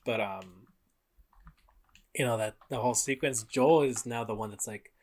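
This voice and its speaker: A man's voice: mid-range voice, normal speed, a little mellow. A man co-hosting a podcast, chatting casually in a laid-back, rambling way with lots of fillers and swearing. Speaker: podcast co-host. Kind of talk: casual chat.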